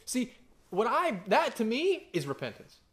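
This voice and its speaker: A man's voice: very high voice, wildly swooping pitch, a little slow, a bit bright. A man in his thirties preaching a conversational sermon, telling stories and often checking in with "right?". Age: 30s. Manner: conversational, story-driven preaching with frequent "right?" asides. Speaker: pastor.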